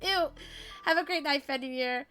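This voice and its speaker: A woman's voice: high voice, lively intonation, moderate pace, pushed and bright, faint music behind. A woman VTuber streamer chatting casually while she plays, bubbly and playful, swearing freely as she greets her chat.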